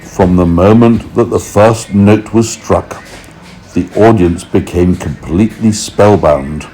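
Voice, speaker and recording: A man reading a storybook aloud for toddlers, expressive and unhurried, pausing to explain things. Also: deep voice, poor audio.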